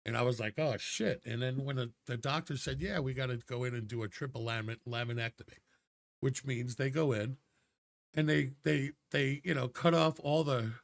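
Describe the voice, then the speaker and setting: A man's voice: mid-range voice, fairly even intonation, normal speed, vocal fry. A man co-hosting a podcast, telling a blunt, profane story in casual chat. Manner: swearing storyteller, acts out the voices in his stories. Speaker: podcast co-host.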